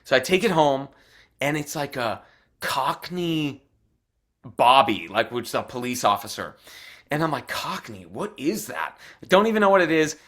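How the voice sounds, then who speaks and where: A young adult man from Arizona, an actor telling stories as a guest, animated and chatty with lots of "like" fillers. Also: medium pitch, normal speed, pauses often. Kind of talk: casual storytelling in interview.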